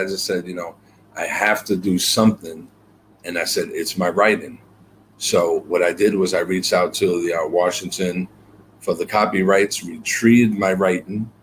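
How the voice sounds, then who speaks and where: In an interview, a male guest poet recounts his story earnestly and reflectively, his very low voice carrying a fairly bright tone. Fillers and repeated phrases fill his pauses, and a faint hiss of noise lies under the recording.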